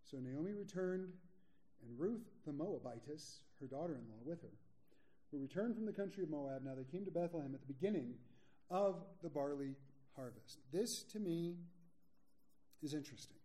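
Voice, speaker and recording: A male pastor delivers a sermon in a mellow, fairly high voice. He is candid and self-mocking, joking with the congregation, then slows right down to stress his points. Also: expressive. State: a little sleepy.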